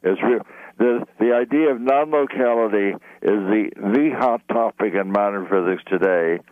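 A man's voice: fairly low pitch, normal speed, dry recording. A man, a radio guest, explaining things earnestly and with enthusiasm over the phone. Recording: tinny phone line.

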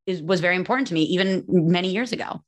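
A woman chatting as a podcast guest, talking fast and restarting her sentences as her thoughts run ahead. Her voice sits slightly low for a woman. She is often self-deprecating and laughs at herself. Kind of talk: casual conversational interview.

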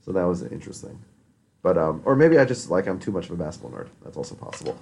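Male podcast host, rapid lively delivery, laughs easily. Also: sits low, creaky, breathy edge. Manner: fast, animated, laughs a lot. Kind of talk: casual chat.

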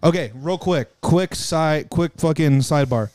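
A man's voice: fairly high pitch, measured pace, no room sound, clean studio sound. A man co-hosting a casual podcast, chatting and laughing a lot, swearing freely as he retells scenes. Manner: laughing often, profane, animated retelling. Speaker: podcast co-host. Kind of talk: casual chat.

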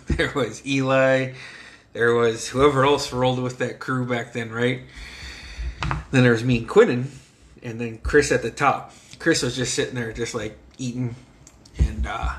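A man's voice: mid-range voice, a bit bright, a little hiss or hum. A man who grew up on a reservation, casually telling profane childhood stories, laughing and acting out the quotes. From United States, grew up on a reservation. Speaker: guest storyteller. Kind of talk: casual storytelling chat.

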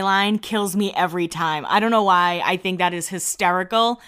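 A woman hosting a podcast, chatting casually and with amusement as she recaps a reality show, quick with her asides. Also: on the low side, fairly bright tone, clean tone.

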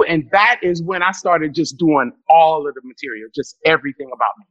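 A woman comedian telling animated, profane stories as a podcast guest, breaking into loud laughter. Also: low voice, brisk, no echo, dull audio. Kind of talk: storytelling in a podcast interview.

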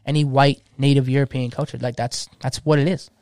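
A man's voice: medium pitch, little pitch movement, a little fast, darkish tone, clean tone, dry recording, clean studio sound. A man in his thirties, a DJ, talking passionately in casual slang and restarting his sentences often. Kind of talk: casual podcast chat.

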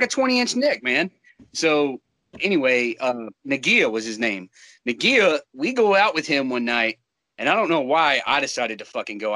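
A young American man casually telling a profane, animated war-buddy story, laughing often. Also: fairly high pitch, no room sound, low-quality recording.

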